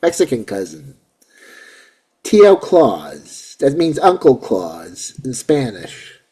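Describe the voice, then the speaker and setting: A man in his forties hosting a casual chat show, excitable and rambling, often repeating himself. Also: mid-range voice, takes it slowly, slightly rough. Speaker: host.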